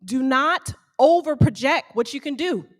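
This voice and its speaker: High-voiced, animated woman speaker. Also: measured pace. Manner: animated, calls out questions to the audience. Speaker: small bakery owner speaking to fellow business owners. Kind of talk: motivational talk to a live audience.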